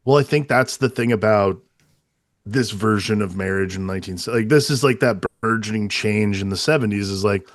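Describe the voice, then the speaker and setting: A man's voice: lowish voice, moderate pace, dry recording. A man co-hosting a casual movie podcast, rambling and swearing, with lots of fillers and restarts. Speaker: podcast co-host.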